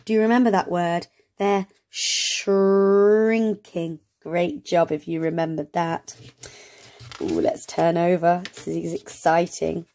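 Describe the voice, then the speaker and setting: Slow, encouraging woman reading to children. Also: fairly low pitch, animated, vocal fry, mellow. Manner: slow, encouraging, sounds out words letter by letter. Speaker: early reading teacher. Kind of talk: reading a phonics picture book aloud to children.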